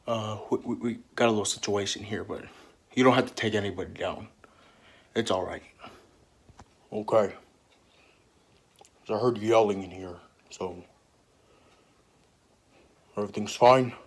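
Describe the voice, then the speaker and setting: A man's voice: fairly low pitch, unhurried, pauses often. Stammering man improvising character voices. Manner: stammering, repeats words. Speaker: player voicing game characters. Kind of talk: improvised character role-play.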